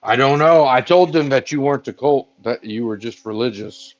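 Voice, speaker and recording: A man's voice: mid-range voice, moderate pace. A man playing in a tabletop game, talking in a plain, matter-of-fact way. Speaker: player. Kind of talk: casual tabletop game chat. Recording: dull dry lo-fi audio.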